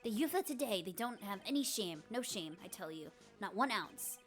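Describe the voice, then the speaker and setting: A woman voicing a grouchy, scolding old man as she reads video game dialogue aloud in a gruff, indignant rant. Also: mid-range voice, expressive, moderate pace, fairly bright tone, faint music behind, lightly acted.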